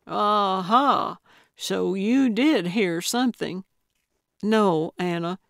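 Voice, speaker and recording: A woman narrator voicing a blunt, coaxing elderly woman amateur detective in an audiobook, speaking louder and more briskly than her narration. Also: mid-range voice, vocal fry, no room sound, studio quality.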